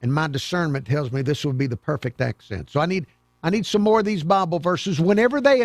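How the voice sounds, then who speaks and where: A man's voice: mid-range voice, gravelly, no room sound. A man hosting a talk radio show, chatting folksily and rambling, repeating phrases as he talks to listeners.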